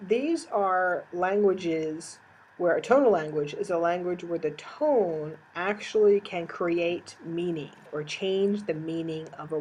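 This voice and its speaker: A woman's voice: on the low side, a little mellow, husky, poor audio. A woman giving a recorded course lecture, explaining step by step with frequent "uh" fillers.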